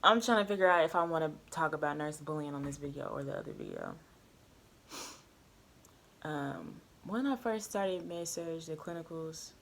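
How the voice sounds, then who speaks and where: Girl vlogging about nursing school, casual and blunt, cusses a lot, talks fast when she gets going. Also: low voice, gravelly, a little hiss or hum. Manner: candid, profane, animated retelling. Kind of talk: casual storytelling chat.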